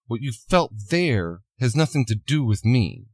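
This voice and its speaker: A man voicing a calm, solemn masked male vigilante, speaking in a measured, earnest way. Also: medium pitch, no room sound.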